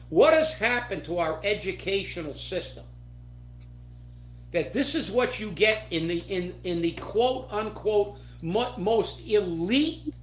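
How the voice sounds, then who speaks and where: A man delivers political commentary in a slow, deliberate rant full of indignation. His voice echoes around a roomy space. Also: high voice, a little hiss or hum. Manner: angry, indignant ranting.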